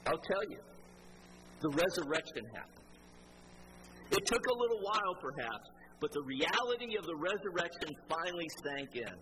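A man preaching a sermon, retelling a story and acting out the quoted dialogue. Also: fairly high pitch. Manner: animated, acts out quoted dialogue. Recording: noisy ambience behind voice.

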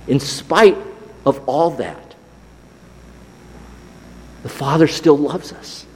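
A man preaches slowly and deliberately, with a rather high voice that rises and falls widely. He lets key phrases sink to a near whisper. His words ring out with a long reverb, as in a church sanctuary. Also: slightly rough. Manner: slow, deliberate, drops to a hush on key phrases. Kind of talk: sermon.

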